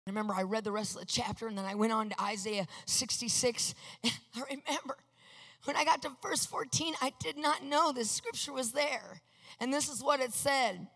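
Woman preacher, fairly high voice, emphatic testimony sermon, long hall reverb. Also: steady tone, fairly quick. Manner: emphatic, swings from hushed to loud.

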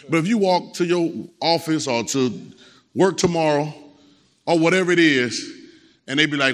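A man's voice: a little high, moderate pace. A man preaching a Sunday sermon, emphatic and repetitive, calling out to the congregation. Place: church. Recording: long church hall reverb.

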